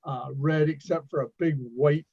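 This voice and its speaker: Dude on a video call, dry muffled sound, throws in wry jokes and questions. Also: male voice, fairly high pitch, steady tone, moderate pace, slightly rough, dry recording. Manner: asks questions, wry remarks. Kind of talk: casual chat on a live stream.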